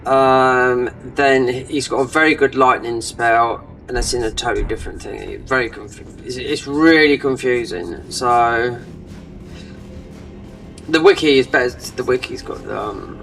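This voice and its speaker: A man's voice: medium pitch, measured pace, creaky, a bit bright, far from the mic, soft background music, low-quality recording. A man giving rambling, casual commentary over a game he is playing, trailing off with frequent fillers. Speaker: gaming channel host.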